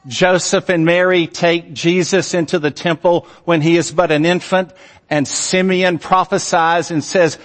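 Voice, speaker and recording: Slow, earnest preacher in a reverberant hall. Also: male voice. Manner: slow, earnest preaching that drops to soft, low phrase endings. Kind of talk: sermon.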